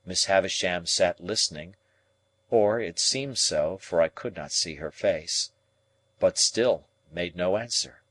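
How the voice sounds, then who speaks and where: A man narrating a classic novel as an audiobook, reading in an unhurried, expressive way. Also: low voice. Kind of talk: scripted narration.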